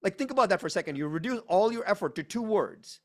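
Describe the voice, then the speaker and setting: Fast-talking energetic male presenter. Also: sits high. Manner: emphatic, energetic, punchy repetition. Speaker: workshop presenter. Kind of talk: live online coaching presentation.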